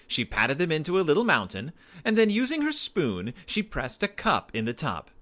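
A man narrating a children's storybook aloud in an expressive, animated way. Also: fairly high pitch, normal speed.

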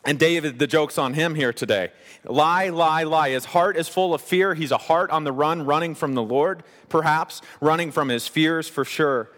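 A pastor preaching a sermon, emphatic and conversational, with repeated words and quick asides. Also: male voice, fairly high pitch, a bit bright. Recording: long reverb of a large room.

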